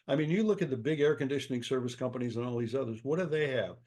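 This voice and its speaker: A man's voice: medium pitch, very fast. An older man, a guest author, answering in an interview with emphatic storytelling and acted-out dialogue. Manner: energetic, emphatic, acts out quoted dialogue.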